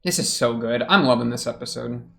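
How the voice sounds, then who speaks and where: A man's voice: medium pitch, a little fast, gravelly. A young man hosting an anime reaction video, talking casually and joking in muttered asides as he watches.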